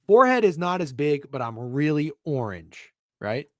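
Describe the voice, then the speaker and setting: A man's voice: fairly high pitch, big pitch swings, moderate pace, fairly bright tone, no room sound. A young man co-hosting a casual sports betting show over a video call, joking and swearing while fussing with his camera. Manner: profane, joking, flustered by camera trouble. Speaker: podcast co-host.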